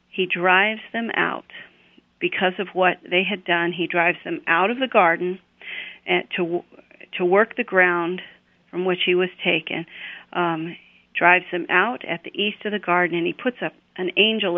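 A woman retelling a scripture passage in a relaxed, conversational way, pausing often with fillers and restarts. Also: fairly low pitch, dry recording. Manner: unhurried, with frequent fillers and restarts. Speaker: Bible teacher on a radio program. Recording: tinny phone-line radio sound.

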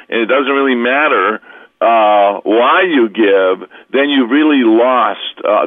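A male pastor walks through a scripture passage as a radio guest, leaning hard on key words and pausing to explain. His voice comes through a thin, tinny phone line. The sound is close and dry. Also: mid-range voice, no room sound. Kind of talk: radio Bible teaching.

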